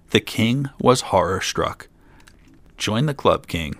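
At a measured pace, a storyteller with a fairly low, fairly bright voice reads out an old fairy tale, adding dry remarks along the way. His reading is plain, and the audio has no room sound.

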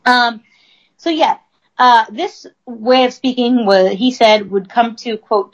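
A woman's voice: on the high side, slow, lo-fi sound. A woman co-hosting a casual chat, reading from notes, laughing often and stumbling over words. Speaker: podcast co-host.

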